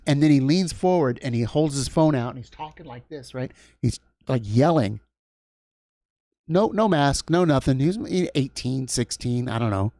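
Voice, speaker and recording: This livestream host tells a long story in casual, rambling fashion, restarting often and going off on asides. His medium-pitched voice has a darkish tone. The sound is studio quality with no echo.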